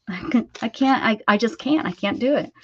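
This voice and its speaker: A woman's voice: fairly high pitch, lively intonation, a little slow, husky, muffled recording. A woman hosting a casual crafting livestream, chatting and talking baby-talk to her cat as she works. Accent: American. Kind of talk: casual chat while crafting.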